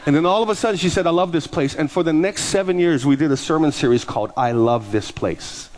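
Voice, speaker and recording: A male pastor preaches a sermon built on personal stories, animatedly acting out the voices of the people in them. He talks fast in a voice on the high side.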